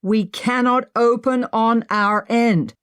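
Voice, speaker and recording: A woman doing a slow, forceful man. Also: fairly high pitch, fairly even intonation, clean tone, dry recording, clean studio sound, pitched above the performer's own voice. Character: steady man calling from above.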